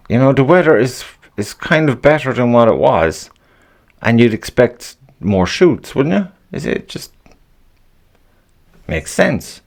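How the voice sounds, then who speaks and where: A man hosting a casual solo podcast, swearing freely, rambling and grumbling with an annoyed edge. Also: medium pitch. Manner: profane, rambling, laughs at own jokes. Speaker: podcast host.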